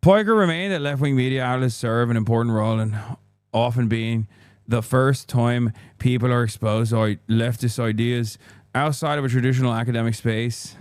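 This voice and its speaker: Hammy put-on Irish reader, done by a man, crisp dry voice, theatrical. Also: medium pitch, darkish tone, no room sound, close to an everyday voice. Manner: theatrical, exaggerated brogue. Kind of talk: reading an article aloud.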